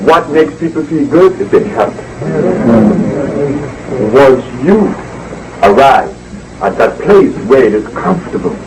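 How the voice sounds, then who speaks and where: A man's voice: mid-range voice, a little mellow, distant mic, a little hiss or hum, rough recording. Emphatic man lecturing a crowd. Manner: emphatic and preachy, repeating words for force. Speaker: speaker addressing an audience. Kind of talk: lecture to a live audience. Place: indoor evening gathering.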